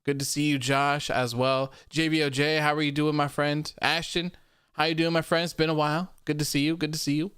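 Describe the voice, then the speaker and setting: A young man hosting a wrestling post-show livestream, chatting casually with a rambling, relaxed manner and reading out viewer comments. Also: on the high side, fairly quick, clean tone, no echo, studio quality. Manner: rambling and relaxed, many fillers and repeats.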